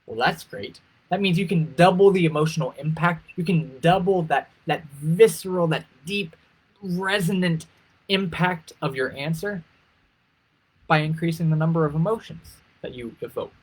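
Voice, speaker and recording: Coaching pageant hopefuls over a live stream, the man, an interview coach, is lively and repeats important phrases while swooping his pitch to demonstrate feelings. He talks at a normal pace with a breathy edge, captured on poor audio.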